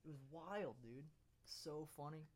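A young man co-hosting a casual chat, telling a story in an animated, swearing, laughing way. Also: a little high, measured pace, slight background noise.

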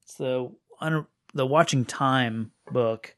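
A man's voice: medium pitch, slow, fairly bright tone, no room sound, clean studio sound. A man talking in casual discussion, hesitant and searching for his words. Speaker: podcast co-host.

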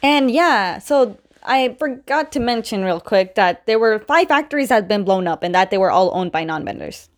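A woman's voice: mid-range voice, lively intonation, normal speed, hardly any pauses. Young adult woman, casual recap host, chatty, acts out quoted lines.

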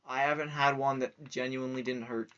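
A man with a mid-pitched, plain voice, giving blunt, dry replies in casual podcast chat. The lo-fi recording sounds muffled. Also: steady tone, a little fast, fairly bright tone. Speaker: podcast co-host. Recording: dull lo-fi recording.

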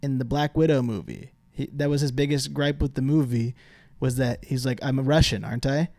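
A man co-hosting a podcast, chatting casually about a movie in an animated, jokey way and loudly acting out quotes. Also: mid-range voice, brisk, creaky, no echo. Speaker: podcast co-host. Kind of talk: casual movie-review chat.

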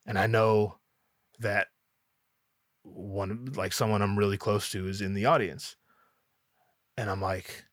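A man's voice: fairly low pitch, measured pace, pauses often, no room sound, studio quality. A man, a rapper, telling a personal story casually, candid and swearing freely.

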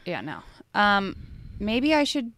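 A woman's voice: medium pitch, huge pitch swings, slow pace, fairly bright tone, dry recording. A woman co-hosting a podcast, chatting candidly and mocking herself, often trailing off. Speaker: podcast co-host. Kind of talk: casual chat.

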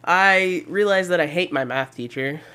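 Lively young man, bright crisp voice. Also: high-pitched, normal speed. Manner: animated, swears freely, says "dude", laughs often. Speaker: podcast co-host. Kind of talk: casual chat.

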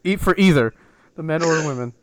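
A man's voice: fairly high pitch, fast talker, no echo. A man co-hosting a podcast, wry and teasing, running through rosters in casual wrestling chat. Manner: wry, teasing, lists facts. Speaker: podcast co-host.

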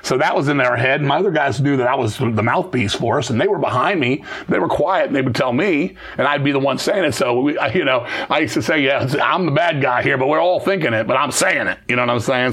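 A man's voice: medium pitch, breathy edge. A middle-aged man telling blunt, profane stories in an interview and acting out the voices of the people in them. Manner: fast, swearing, animated, acts out quoted voices. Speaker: interview guest, metal musician. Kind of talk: profane storytelling chat.

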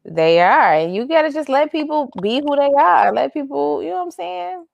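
Blunt, gravelly-voiced woman chatting. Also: sits high, animated, moderate pace, no echo, muffled recording. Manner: blunt, profane, laughing often. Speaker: co-host. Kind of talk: casual pop-culture chat.

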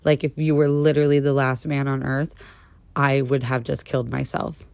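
A woman in her thirties hosting a podcast, telling a story in a sassy, petty and animated way. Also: extremely low pitch, moderate pace, gravelly, dry recording. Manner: sassy, petty, animated storyteller who calls listeners honey. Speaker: podcast host. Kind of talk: casual storytelling monologue.

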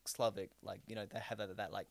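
A man's voice: on the low side, little pitch movement, quick pace, creaky, no room sound. An Australian man co-hosting a podcast in casual chat, rambling with lots of fillers and restarts and swearing freely. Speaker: podcast co-host.

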